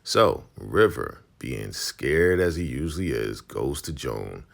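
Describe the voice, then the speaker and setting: A man with an extremely deep, gravelly voice recaps a TV episode. His delivery is laid-back and slangy, and he tells the story in a lively way. His low register rumbles with fry. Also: slow. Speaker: TV recap vlogger.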